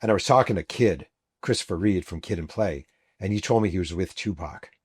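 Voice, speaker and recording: A middle-aged man with a low, slightly husky voice narrates a true story as a show host. He tells it vividly and throws himself into the quoted shouts of the people he describes. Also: brisk. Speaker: host and author.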